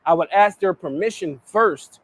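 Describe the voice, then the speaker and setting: A man's voice: high-pitched, normal speed, no room sound. A man giving blunt, crude dating advice in a played clip. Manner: blunt, crude, swearing freely.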